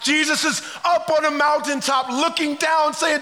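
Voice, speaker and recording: A man preaching a sermon, swinging between soft, quiet passages and shouted climaxes. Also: very high voice, steady tone, normal speed, hardly any pauses, long reverb tail. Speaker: pastor.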